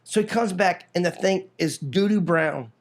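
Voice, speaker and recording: A middle-aged man from Florida recounts his past in a loose, rambling interview style. His voice sits high for a man, and he leaps into other people's lines with raised, animated delivery, often stumbling and restarting mid-sentence. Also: normal speed. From Florida, United States. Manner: frequent restarts and repeated words. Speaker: guest telling his life story. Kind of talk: casual storytelling.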